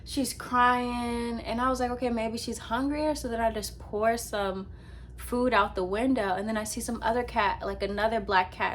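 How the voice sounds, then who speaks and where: A young woman vlogging casually from her apartment at night, telling a rambling, animated story to her laptop with many fillers. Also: a little high, normal speed, slight background noise. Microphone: laptop with ring light.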